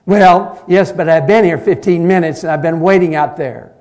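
A preacher voicing a sulky sixteen-year-old girl, whiny, loud and indignant. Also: a little high, fairly quick, pitched above the performer's own voice, lightly acted. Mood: surly indignant. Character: surly sulky teenage girl, about sixteen.

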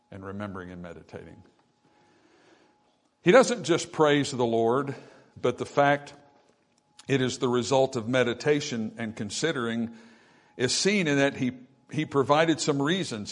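Reading scripture in archaic wording, a preacher with a mid-range voice delivers his sermon, alternately rising to loud peaks and falling to quiet passages.

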